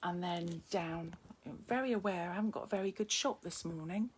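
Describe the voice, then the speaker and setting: A middle-aged woman with a lowish voice and brisk delivery runs a live card-making demo, greeting viewers and chatting as she works at her desk, poking fun at herself along the way. A little hiss or hum is audible.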